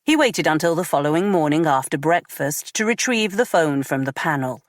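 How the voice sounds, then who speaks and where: A woman narrating a crime audiobook in a measured, even read. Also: low-pitched, no room sound, clean studio sound.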